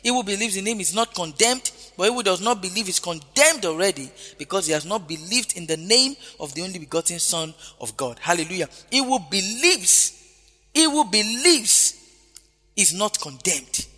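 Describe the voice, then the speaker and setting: A man's voice: sits high, brisk, hardly any pauses, bright, forceful tone. A man preaching a sermon, emphatic, repeating key phrases and calling out hallelujah often. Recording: long hall reverb with faint music.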